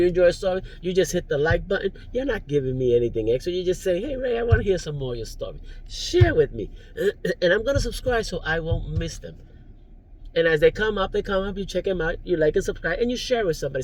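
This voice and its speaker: A man's voice: medium pitch, a little hiss or hum. A man giving rambling, preachy life advice in a casual vlog, recorded in his parked car, chuckling now and then. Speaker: vlogger, driver.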